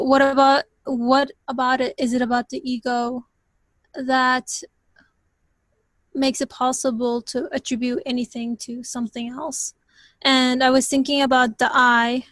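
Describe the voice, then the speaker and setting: Tentative woman with a dry, flat voice. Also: on the high side, dry recording. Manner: thoughtful, tentative, hedging. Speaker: study group participant. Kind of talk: reflective discussion comment.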